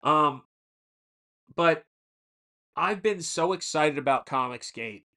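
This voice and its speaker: Bright-voiced man in his forties rambling. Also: on the high side, expressive, takes it slowly. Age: 40s. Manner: rambling storyteller who answers chat mid-story. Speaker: artist hosting a live stream. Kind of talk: casual live-stream chat.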